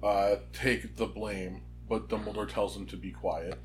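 A man co-hosting a casual book podcast, recapping the chapter in a relaxed, loose way. His voice is fairly low, with faint music behind him. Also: a little slow. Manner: relaxed summarizing, some fillers. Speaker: podcast co-host.

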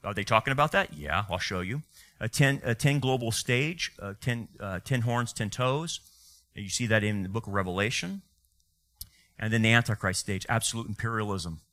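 A man's voice: lowish voice, normal speed, a bit bright. A male pastor preaching a fiery sermon, full of rhetorical questions and sarcastic asides.

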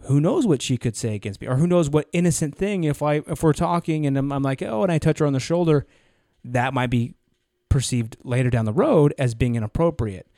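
A man's voice: on the high side, brisk, mellow, dry recording, clean studio sound. A young man co-hosting a casual podcast, rambling through a story and acting out the people in it. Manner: rambling, acts out quoted people in anecdotes. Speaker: podcast co-host.

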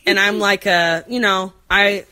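A woman's voice: mid-range voice, steady tone, a little slow, pushed and bright. A woman in her forties telling a rambling story in casual chat, full of fillers and playful put-on voices. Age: 40s. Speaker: podcast co-host.

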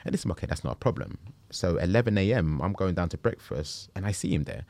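A man, telling a story in a casual interview, animated and slangy. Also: sits low, quick pace, no room sound. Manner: animated, slangy, acts out quotes. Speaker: travel group founder.

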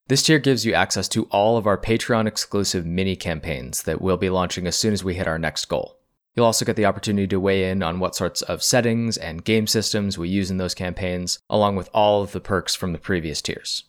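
A man narrating as game master of a tabletop role-playing game, describing scenes in a calm, storytelling way. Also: low voice.

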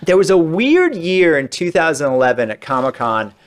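A man's voice: fairly high pitch, very animated, normal speed. A man on a podcast, chatting casually as a guest and telling long stories about interviews he has done, with lots of asides. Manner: chatty, rambling, many asides. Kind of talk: casual anecdotal storytelling.

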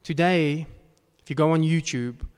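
A male pastor delivers an earnest sermon with sudden emphatic bursts. His voice sits somewhat high for a man. The sound carries a long reverb tail, as if from a large church hall. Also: measured pace, smooth.

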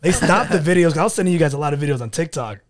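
A man's voice: fairly high pitch, animated, very fast, crowd noise. A man co-hosting a podcast, rambling in casual chat with lots of "like" and swearing. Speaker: podcast co-host.

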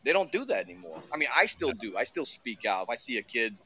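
A man's voice: medium pitch, very animated, fast, gravelly, pushed and bright, a little hiss or hum. A man in casual podcast chat, blunt and swearing freely as he tells stories.

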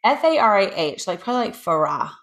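A woman's voice: mid-range voice, very animated, fast talker, fairly bright tone. A woman co-hosting a podcast, casually telling a true crime story with lots of asides. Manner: chatty, lots of ums and asides, reads from notes. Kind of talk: casual chat.

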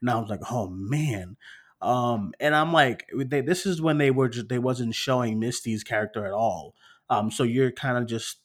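A man's voice: medium pitch, moderate pace. A man casually recapping a horror film with a co-host, acting out scenes with plenty of fillers. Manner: animated storytelling, acting out scenes, frequent fillers. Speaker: podcast co-host.

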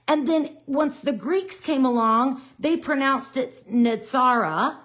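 Slow-talking Southern woman teaching Bible. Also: high-pitched, a bit bright. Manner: unhurried, conversational, indignant at critics. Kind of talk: live-streamed Bible study.

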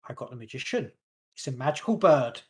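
A man's voice: medium pitch, expressive, a little fast. A man co-hosting a podcast in casual chat, rambling and joking, tripping over names. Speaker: podcast co-host.

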